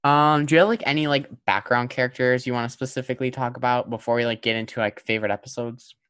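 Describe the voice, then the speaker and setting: A young man hosting a podcast, talking casually and loosely. He fills his sentences with "like" and hedges his opinions. His pitch sits in a middle range for a man. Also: fairly even intonation, quick pace, fairly bright tone, smooth, dry recording. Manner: chatty, filler-heavy, hedging with "like". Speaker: podcast host. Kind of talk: casual chat.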